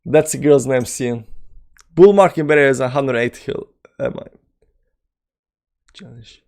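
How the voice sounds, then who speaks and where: A man's voice: mid-range voice, a little slow, pauses often, a little mellow. A man with a Balkan accent hosting a live crypto stream, rambling with many fillers as he reads and answers viewer comments. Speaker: crypto channel host. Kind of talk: live-stream chat reading.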